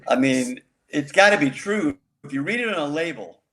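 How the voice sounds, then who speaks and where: A man's voice: on the high side, expressive, normal speed, a loud crowd. A man co-hosting a podcast, giving wry, knowing advice in casual chat. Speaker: podcast co-host.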